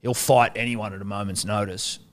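Rambling podcast host. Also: male voice, lowish voice, steady tone, brisk. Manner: rambling, with fillers and hesitant restarts. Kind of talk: comedic casual chat.

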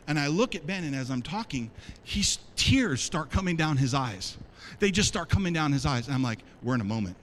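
A man preaching a sermon as pastor, telling a personal story in a lively, conversational way to his church. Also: medium pitch, slight background noise, rough recording. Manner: animated, conversational, talks to congregation. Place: church sanctuary.

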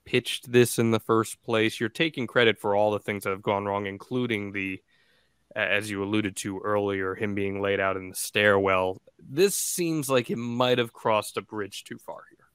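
A man co-hosting a podcast, asking probing, measured interview questions. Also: fairly low pitch, fairly even intonation, fairly bright tone, smooth, dry recording, clean studio sound.

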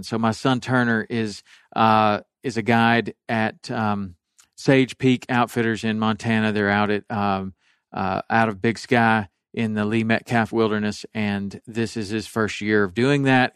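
A man's voice: fairly low pitch, clean tone, no room sound, clean studio sound. A middle-aged man chatting casually and telling a long story, rambling with restarts and livening up when he quotes others.

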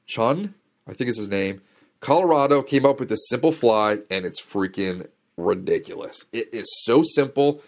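A man hosting a podcast, telling a rambling story in a chatty, slangy, casual way. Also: medium pitch. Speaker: podcast host.

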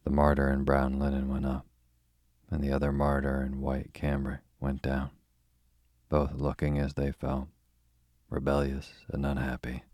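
A man's voice: very deep voice, a little slow, no room sound, clean studio sound. A man hosting a bedtime story show, chatting informally and then reading a story aloud in a soothing way. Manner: relaxed, informal. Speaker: bedtime story podcast host.

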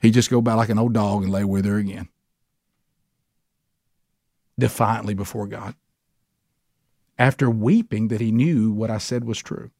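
A man's voice: fairly low pitch, fairly even intonation, moderate pace, darkish tone, no room sound, studio quality. A man teaching a men's Bible study in an earnest, emphatic preaching style, with a Southern US accent. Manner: earnest, emphatic preaching with sudden rises for stress. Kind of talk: sermon.

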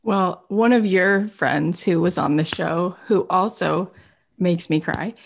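A woman host talks with heartfelt praise for her guest. Her voice sits a little low with a gravelly fry running through it. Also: takes it slowly, slight background noise. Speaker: podcast host. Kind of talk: emotional interview talk.

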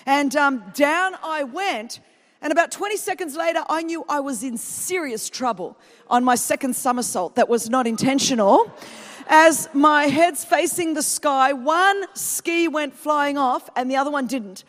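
A woman's voice: high-pitched, animated, a little slow, a bit bright. A woman from Australia with an Australian accent, preaching a humorous sermon and chatting and joking with the congregation. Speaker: guest preacher. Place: large church auditorium. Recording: long reverb of a church hall.

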